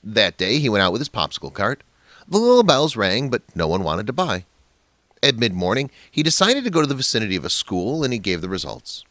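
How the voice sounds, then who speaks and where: A man's voice: fairly low pitch, big pitch swings, brisk, a bit bright, dry recording. A man narrating a dramatic family story in a scripted, emphatic way.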